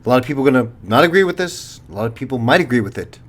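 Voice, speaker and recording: A man's voice: mid-range voice, lively intonation, rapid-fire, fairly bright tone. A retired police officer in his fifties, a channel host talking to viewers in a blunt, profane, lecturing monologue.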